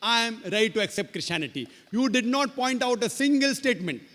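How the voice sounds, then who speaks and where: A man's voice: very high voice, expressive, fairly quick, fairly bright tone, big-room sound. A man answering an audience question at a public talk, emphatic, repeating his key phrases and calling the questioner brother.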